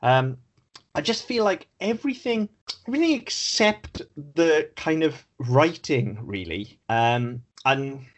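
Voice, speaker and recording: A husky-voiced man chats frankly as a podcast co-host. He talks in an animated, candid way and drops swear words casually. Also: a little high, takes it slowly. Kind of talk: casual chat.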